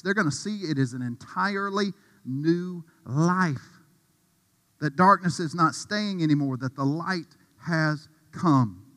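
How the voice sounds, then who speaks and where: A man preaching a sermon with passion, dropping to a hush and rising to a shout. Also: mid-range voice, in a large hall. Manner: impassioned, swings from hushed to shouting. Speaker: pastor.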